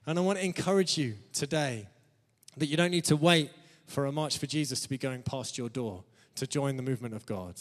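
A man's voice: medium pitch, fairly quick. A man preaching a sermon to a congregation, laughing often between phrases and calling out "amen" to the room. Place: church. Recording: long reverb of a church hall.

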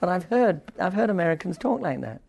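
An older man teaching a Bible passage informally, rambling with wry asides and reading the scripture aloud forcefully. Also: high voice, sing-song, a little fast, vocal fry.

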